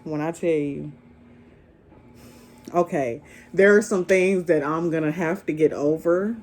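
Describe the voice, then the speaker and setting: A young woman vlogger casually recounting a date in an animated, slangy way, laughing as she tells it. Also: low-pitched, unhurried. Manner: animated, slangy, laughs while telling the story. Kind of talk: casual storytime chat.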